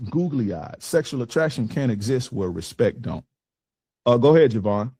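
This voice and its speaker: A man's voice: mid-range voice, lively intonation, unhurried, pauses often, darkish tone, husky, dry recording. Blunt, profane man coaching on dating. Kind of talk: casual coaching talk to a group.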